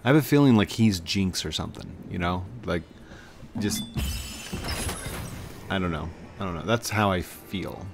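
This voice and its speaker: A man's voice: deep voice, normal speed, vocal fry, pauses often. A man hosting a casual let's-play video, rambling and self-deprecating as he plays. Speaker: gaming video host. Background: game music.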